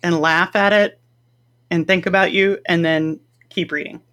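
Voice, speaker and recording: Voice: mid-range voice, fairly even intonation, unhurried, a bit bright. A podcast co-host in casual chat, speaking as an enthusiastic fan. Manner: enthusiastic fan, chatty, laughs often.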